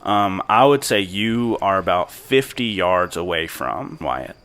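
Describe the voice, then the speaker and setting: A man's voice: sits low, lively intonation, unhurried, fairly bright tone. A man narrating as game master of a tabletop role-playing game, describing scenes in an easygoing, descriptive way.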